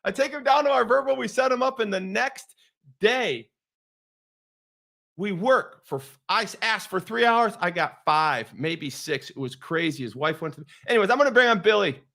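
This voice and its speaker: A man's voice: high voice, normal speed, creaky. A man hosting a show, telling a story with energy and acting out both sides of quoted conversations. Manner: animated storyteller, acts out quoted dialogue. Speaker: host.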